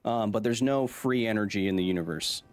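A man's voice: fairly low pitch, brisk, dry recording. A man in his thirties hosting a casual live gaming stream, joking around and reading chat aloud. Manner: playful, jokey, reads chat aloud. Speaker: streamer, science communicator.

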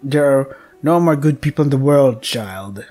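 A man voicing a cold, controlling mother in a game, speaking slowly in a low, stern, lecturing way. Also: animated, darkish tone, faint music behind, natural voice. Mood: coldly lecturing. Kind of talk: voicing a visual novel character.

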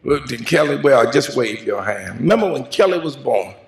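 A man preaching a funeral eulogy in a call-and-response style, moving into shouts and half-sung lines. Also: mid-range voice, animated, moderate pace, creaky. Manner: preaching cadence, rising to shouts and sung phrases. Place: large church sanctuary.

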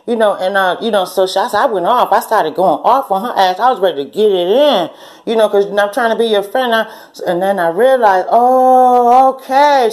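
A woman's voice: mid-range voice, darkish tone. A woman in her forties telling a story in a casual rant, blunt and profane, often laughing and acting out what people said. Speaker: channel host.

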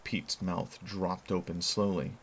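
A man's voice: low voice, little pitch movement, slow, slightly rough. A man reading a novel aloud as a show host, telling the story expressively. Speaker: reader.

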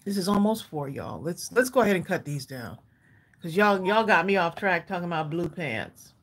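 A woman's voice: lowish voice, expressive, moderate pace, fairly bright tone. A woman hosting a live crafting tutorial, chatty and laughing as she talks straight to her viewers. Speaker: craft livestream host.

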